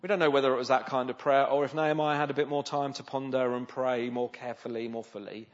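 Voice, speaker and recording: A man's voice: mid-range voice, fairly even intonation, fast talker. A man preaching a sermon in a conversational way, often asking the listeners rhetorical questions. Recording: slightly dull, lo-fi sound.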